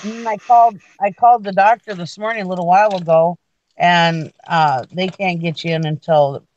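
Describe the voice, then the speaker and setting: Co-hosting a casual morning show, a middle-aged woman rambles through a long story, frequently restarting as she chats. She speaks at normal speed with a fairly low, slightly mellow voice and fairly even intonation, and the highs are cut off.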